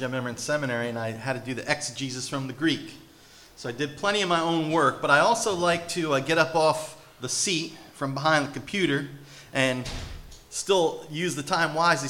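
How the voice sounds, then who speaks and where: A man's voice: mid-range voice, sharp tone, slight background noise. A man in his thirties preaching a sermon with emphatic rhetorical questions. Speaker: pastor.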